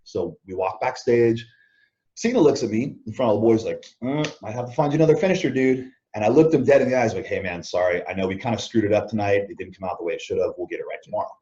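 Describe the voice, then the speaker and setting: Low guy with a mellow voice, chatty interview guest, dull lo-fi call audio. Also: fast talker. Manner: animated anecdotes, acts out quoted lines, chuckles often. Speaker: interview guest, former wrestler. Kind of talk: casual storytelling interview.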